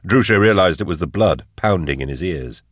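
Man, audiobook narration, very low voice, measured, dry close mic. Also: no echo. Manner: measured, even storytelling. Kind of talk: scripted narration.

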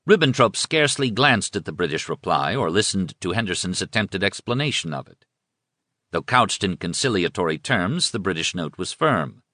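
A man reading a history book aloud as scripted narration, in a measured, formal way. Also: low-pitched, big pitch swings, bright, forceful tone, dry recording, clean studio sound. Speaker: audiobook narrator.

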